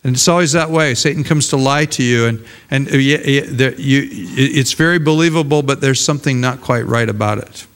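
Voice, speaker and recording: A man's voice: medium pitch, fairly quick, hardly any pauses, a bit bright, long reverb tail. An older man and pastor preaching a conversational sermon, often repeating words as he searches for them.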